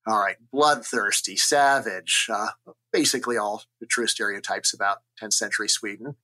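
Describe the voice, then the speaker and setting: A man from the United States, an economist, explaining ideas in an energetic, argumentative interview style, often checking in with "right?". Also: fairly low pitch, normal speed. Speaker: economist guest. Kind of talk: conversational interview.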